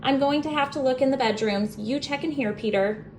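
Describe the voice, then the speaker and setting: Fussing, flustered mother in a storybook, voiced by a female reader; scolding and high. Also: brisk, darkish tone, slight background noise. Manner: fussy, scolding tone.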